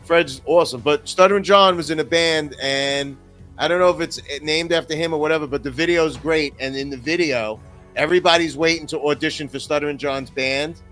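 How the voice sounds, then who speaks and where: A man's voice: on the high side, brisk, soft background music. A middle-aged man co-hosting a podcast, chatting casually and telling stories with plenty of profanity. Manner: animated storytelling with crude profanity. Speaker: podcast co-host. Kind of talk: casual chat.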